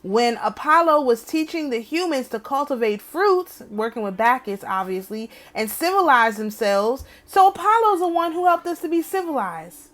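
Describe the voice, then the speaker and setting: A woman's voice: high voice, big pitch swings, moderate pace, few pauses, a bit bright. A woman hosting an astrology channel. She reads a text aloud and keeps breaking off for wry, opinionated asides, often asking "okay?". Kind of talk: reading a text aloud with commentary.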